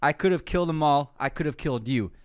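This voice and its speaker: A man reading the threats of a hardened action-film soldier in a low, gruff voice. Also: fast talker, dry recording, studio quality, natural voice. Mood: threatening. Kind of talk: movie quote reading.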